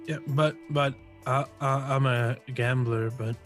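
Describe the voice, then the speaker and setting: A man's voice: mid-range voice, steady tone, unhurried, faint music behind. Hesitant stammering man in a role-play game. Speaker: player.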